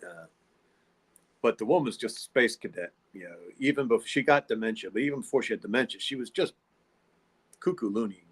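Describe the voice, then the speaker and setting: A man's voice: medium pitch, fairly quick, long pauses, slightly rough. A man telling a long, rambling story in a casual podcast monologue. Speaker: podcast host.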